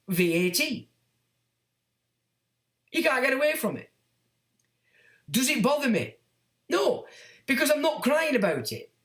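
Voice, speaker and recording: Blunt, animated man. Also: high-pitched, echoey room. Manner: blunt, animated, mocks whiners in put-on voices. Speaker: livestream host reading chat comments. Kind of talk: casual livestream monologue.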